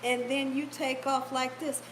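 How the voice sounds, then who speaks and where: A woman telling a story casually to her viewers, animated and laughing often as she acts out the people in it. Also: high-pitched, a little slow, background noise. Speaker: vlogger talking to her live chat.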